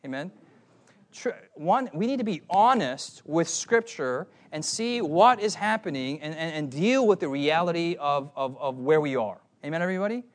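A man preaching at a youth conference in a playful, animated way, often calling out to the audience. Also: on the high side, moderate pace. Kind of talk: sermon.

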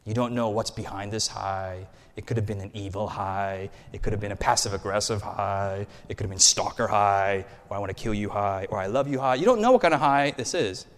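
A man preaching a sermon in an animated, joking way, often quizzing the congregation. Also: fairly low pitch, fairly quick, hardly any pauses, in a large hall. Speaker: pastor. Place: church hall.

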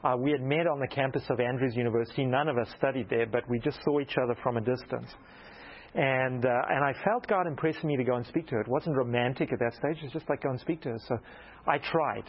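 A man preaching a storytelling sermon, animated and self-mocking, acting out the dialogue in his story. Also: mid-range voice, quick pace, slightly rough, highs cut off.

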